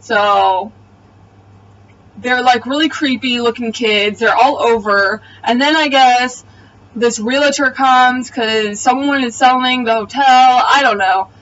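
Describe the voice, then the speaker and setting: A woman's voice: on the high side, slow pace, a bit bright, recorded from a distance, highs cut off, a little hiss or hum. A woman giving a casual, blunt and profane spoken recap of a TV episode. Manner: blunt, profane, exasperated retelling. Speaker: TV episode reviewer. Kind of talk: casual video review recap.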